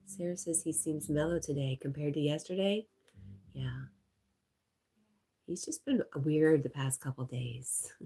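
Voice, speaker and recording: A woman hosting a casual livestream, chatting and reading viewer comments aloud. She sounds stuffy-nosed and talks softly to her dog between comments. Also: deep voice, a little slow, creaky, pauses often, slightly rough. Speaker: livestream host.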